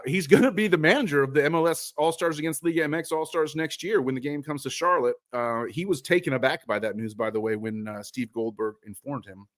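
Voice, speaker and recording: A man hosts a live soccer talk show in an easy, rambling way. He keeps doubling back on his words, teases himself and swears now and then. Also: medium pitch. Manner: rambling, profane, self-mocking. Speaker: podcast host. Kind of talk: casual live soccer chat.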